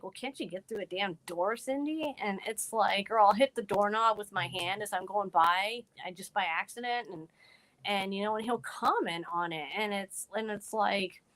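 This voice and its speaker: A woman's voice: mid-range voice, a bit bright, no room sound, rough recording. A woman speaking as a guest on a live podcast, rambling earnestly with frequent "like". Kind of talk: casual live podcast chat.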